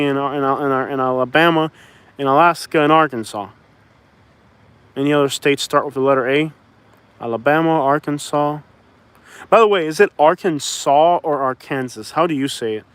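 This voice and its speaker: On a dry recording, a Miami vlogger's smooth, higher voice carries his casual, rambling talk to camera. The man from Miami, Florida keeps it loose and joking, calls his viewers y'all, and moves from one thought to the next.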